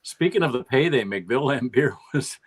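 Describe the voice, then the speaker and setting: A man's voice: medium pitch, animated, normal speed, breathy edge. An older man hosting a casual chat about comedy and sports, rambling and laughing between his stories. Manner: rambling, frequent restarts, laughs often. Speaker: podcast host.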